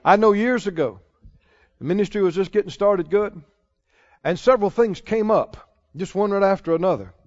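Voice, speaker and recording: A man preaching a sermon, emphatic, repeating key phrases and slowing down to stress scripture. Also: high voice. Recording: dull lo-fi sermon recording.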